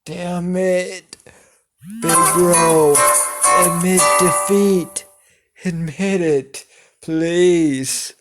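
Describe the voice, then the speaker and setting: Guy putting on a tipsy loud young woman, pitched way up, rowdy. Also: steady tone, drawn-out words, over loud music. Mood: drunk, shouting. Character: drunk young woman, cocky and teasing.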